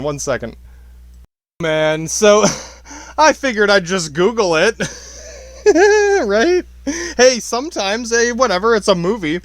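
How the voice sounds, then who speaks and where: A man's voice: high-pitched, no room sound. Rambling, profane podcast man. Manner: rambling, profane, laughs often, restarts. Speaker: podcast host. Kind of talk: casual solo podcast monologue.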